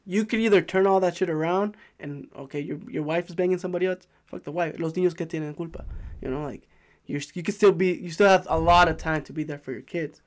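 A man with a notably high voice, chatting on a podcast. He drops Spanish slang into his English and talks in a fretful, anxious way. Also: fast talker. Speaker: podcast co-host. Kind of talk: casual chat.

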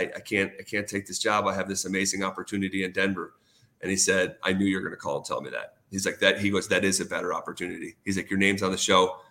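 A man's voice: lowish voice, bright, forceful tone. A man in a casual interview, retelling a career story with lots of quoted dialogue, fillers and restarts. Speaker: sports radio host, guest.

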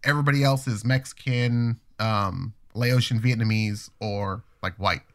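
A man in his thirties telling stories in casual chat, animated and profane, acting out other people's voices. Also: on the low side, measured pace. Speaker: podcast co-host telling stories.

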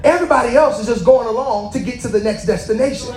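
A man preaching a sermon, reading scripture and then exhorting with impassioned, rising shouts. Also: very high-pitched, quick pace. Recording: echoey room.

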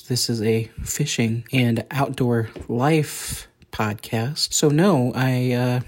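A stiff, awkward podcast host, as a woman puts him on, with a very low voice. He stumbles through halting sentences full of fillers and restarts and sounds stiffly apologetic in an improvised comedy sketch. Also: a little mellow. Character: awkward, hesitant podcast host, a young man.

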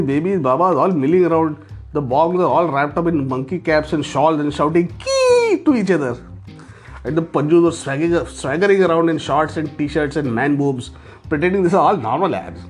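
A man's voice: a little high, breathy edge. A man narrating a travel story in a sardonic, profane, humorous way. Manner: sardonic, profane, laughs as he talks.

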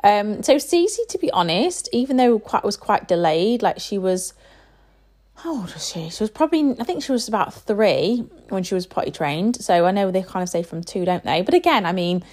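A woman's voice: medium pitch, expressive, normal speed, darkish tone. A woman in her thirties, a parent chatting casually and rambling with lots of fillers. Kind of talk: casual chat.

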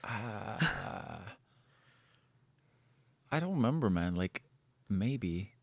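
Animated, swearing storyteller man. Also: lowish voice, extremely slow, gravelly, no room sound, clean studio sound. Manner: animated, swears a lot, many likes and restarts. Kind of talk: casual storytelling chat.

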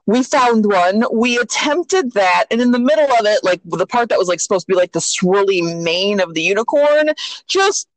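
A woman in her thirties, a mother chatting casually with a friend, telling an animated story with acted-out voices, frequent laughs and swearing. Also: mid-range voice, normal speed, no echo, low-quality recording. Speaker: mother of two young kids. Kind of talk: casual chat between friends.

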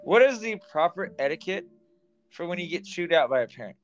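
A man's voice: high voice, sing-song, brisk, dull audio, soft background music. A man co-hosting a podcast in a loose, chatty way, laughing often. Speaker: podcast co-host. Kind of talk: casual chat.

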